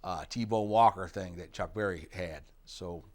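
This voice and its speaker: A man's voice: low voice, unhurried. A middle-aged man from the United States, a rock guitarist being interviewed, talking in a rambling way with many fillers and asides. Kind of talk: casual interview reminiscing.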